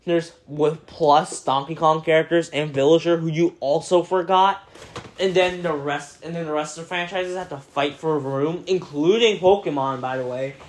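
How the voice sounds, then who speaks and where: A teenage boy giving casual, profane video commentary, excitable and prone to sudden outbursts. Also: on the high side, normal speed. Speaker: gaming video creator.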